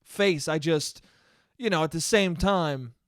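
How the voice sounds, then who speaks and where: A man's voice: on the high side, slow pace, no echo, studio quality. A young man hosting his own podcast, talking in a heated, profane and emphatic rant. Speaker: podcast host.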